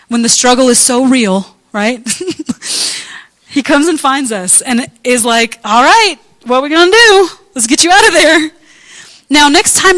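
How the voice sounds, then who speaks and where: A woman pastor giving a conversational, animated sermon to a congregation, sometimes acting out voices in high squeals. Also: no echo, low-quality recording. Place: church room with congregation.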